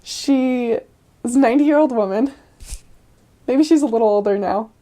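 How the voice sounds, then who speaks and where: A woman's voice: a little high, moderate pace, dark tone. A young woman telling stories in a casual, chatty way, with frequent "like" and "um" and laughs along the way. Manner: chatty, full of "like" and "um", laughs often. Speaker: returned missionary. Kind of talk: casual storytelling.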